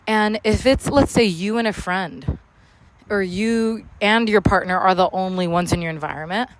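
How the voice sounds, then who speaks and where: A woman hosting a casual motivational podcast monologue, talking loudly and candidly with slang and swearing, recorded outdoors in a public spot near traffic. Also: medium pitch, normal speed. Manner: loud, candid, slangy and profane. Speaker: podcast host.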